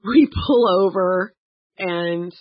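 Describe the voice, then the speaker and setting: A woman's voice: fairly low pitch, slow pace, no room sound, highs cut off. A woman co-hosting a podcast, telling a travel story in casual chat, laughing often and acting out quotes. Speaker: podcast co-host.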